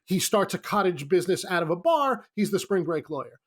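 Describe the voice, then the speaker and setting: A middle-aged man, a screenwriter guest, telling a comic anecdote in a lively, animated way. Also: high-pitched, a little fast. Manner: lively, comic storytelling with acted-out quotes.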